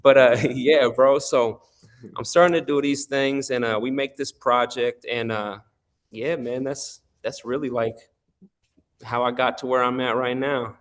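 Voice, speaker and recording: As an interview guest, a man shares his faith testimony casually and with animation, laughing often and performing the voices of people in his story. He speaks a little slowly at a medium pitch.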